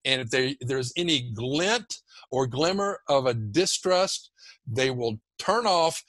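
A man guest on a podcast, teaching communication skills in an animated, emphatic, demonstrative way. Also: mid-range voice, slow, no room sound. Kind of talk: energetic podcast interview.

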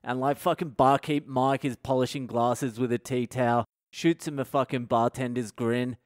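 Brief: male comic, sweary self-mocking storyteller, smooth clear voice, slightly high, dry sound. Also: steady tone, normal speed, no room sound. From Australia. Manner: profane, self-deprecating storytelling. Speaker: comedian and podcast host. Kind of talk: comedic storytelling podcast monologue.

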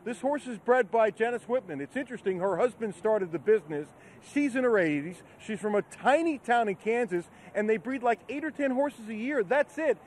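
High-voiced male news reporter. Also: animated, moderate pace, hardly any pauses, slight background noise. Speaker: sports reporter. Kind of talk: news feature narration.

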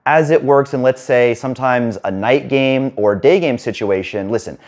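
A man working as a dating coach, talking fast and rambling in a casual monologue to camera, with some swearing. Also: medium pitch, a little mellow. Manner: rapid, rambling, casual with profanity.

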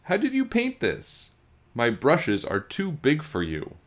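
A man reading a children's storybook aloud, voicing an excited young boy with eager, high-pitched exclamations. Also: slow pace, exaggerated voice.

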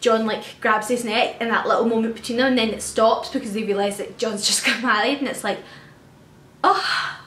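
Young woman, vlogger, gushing fan talk, highish voice, echoey room. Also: fairly even intonation, normal speed, fairly bright tone, a little hiss or hum. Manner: gushing, emotional and effusive. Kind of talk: casual fan chat to camera.

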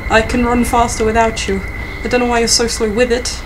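A woman's voice: a little high, a little fast. A young woman commenting casually and jumpily on a horror game she is playing, swearing and talking to the characters on screen. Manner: jumpy, swearing, talks to the game. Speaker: let's play host. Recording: steady background noise.

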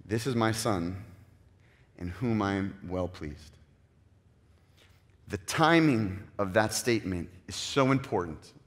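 A male pastor preaching a sermon in an animated way, acting out the voices he quotes and swinging from loud to hushed. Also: lowish voice, slow pace, pauses often. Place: church sanctuary. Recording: long church reverb.

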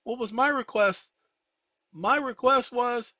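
A man's voice: high voice, unhurried, dry recording. A man hosting a casual talk, reading documents aloud and addressing viewers as y'all, with a tired voice from a long session. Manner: animated, rising excitedly, addresses viewers as y'all. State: tired, fatigued voice. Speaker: channel host. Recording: dull, lo-fi home recording.

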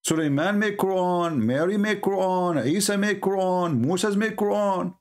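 A man with a voice that sits high speaks at a measured pace while hosting a livestream. He scornfully mocks religious debate, his English grammar non-native.

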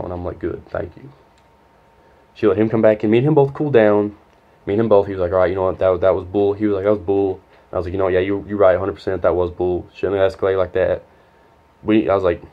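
A man's voice: low voice, highs cut off. A young man telling a heated, profane story in a casual storytime. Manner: profane, rambling, heated retelling.

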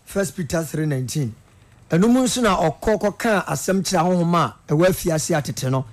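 A man's voice: on the high side, normal speed. Ghanaian man reading scripture aloud. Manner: steady reader, answering with short amens. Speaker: preacher's assistant answering and reading scripture.

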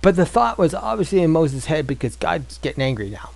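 A man's voice: fairly high pitch, big pitch swings, fairly quick, vocal fry, a little mellow, dry recording, poor audio. A man teaching an informal Bible study, reading scripture and then asking rhetorical questions in a loose, conversational way.

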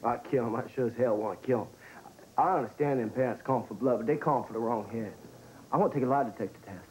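An actor playing a blunt young man on death row in film dialogue, talking roughly. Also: medium pitch, quick pace, darkish tone, slight background noise, lightly acted, low-quality recording. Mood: bitter. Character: defiant male death-row inmate, young adult.

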